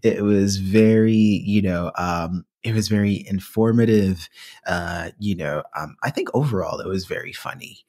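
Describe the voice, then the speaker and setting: Man, podcast co-host, husky tone, playful, mock-indignant, casual comedic chat. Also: low-pitched, unhurried, a little mellow.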